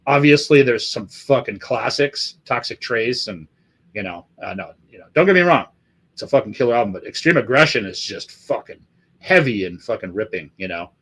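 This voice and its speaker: A middle-aged man rambling through a casual live stream with a fair amount of drink in him. He swears constantly and wanders from one thought to the next, his voice sitting at a middle pitch. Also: expressive, normal speed, fairly bright tone, breathy edge. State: has been drinking.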